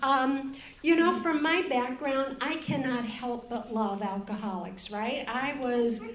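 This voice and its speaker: Speaking at a measured pace in a fairly high voice, an older Cleveland, Ohio woman shares a candid, wandering personal testimony as a recovery panel speaker. The recording comes from a roomy conference room at a retreat.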